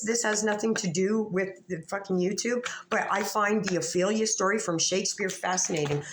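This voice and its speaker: A woman vlogger delivering a heated, profane, confrontational rant to camera in an echoey room. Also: mid-range voice. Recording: echoey room with faint ambient noise.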